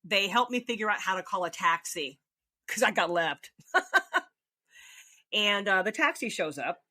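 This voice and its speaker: A woman casually telling a funny personal story, animated and laughing often as she acts out her own reactions. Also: medium pitch, unhurried. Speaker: storyteller host.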